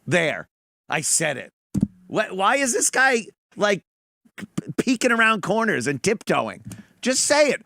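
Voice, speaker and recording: A man's voice: high voice, sing-song, measured pace, vocal fry, pauses often, bright, forceful tone, no echo, studio quality. A man hosting a commentary show, reacting to clips in a mocking, profane way. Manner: mocking, profane, mimics voices. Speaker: commentary channel host.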